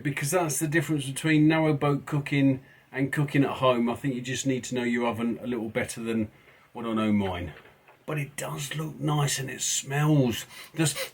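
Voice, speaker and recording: Brief: male vlogger, mid-pitched, rambling casual narration, soft music behind. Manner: rambling, chatty, with self-deprecating asides. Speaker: narrowboat vlogger.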